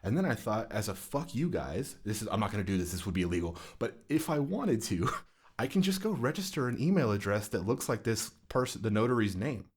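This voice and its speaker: A man's voice: lowish voice, big pitch swings, fast, slightly rough. A young man on a podcast, ranting in casual chat with a lot of swearing and exasperation. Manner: ranting, profane, exasperated storytelling. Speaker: podcast co-host.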